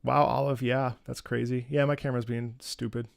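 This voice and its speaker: A man's voice: medium pitch, flat delivery, moderate pace, creaky, no echo, studio quality. A man chatting casually on a music livestream, earnest and rambling, often repeating words and restarting, with the odd swear. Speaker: streamer reacting to music.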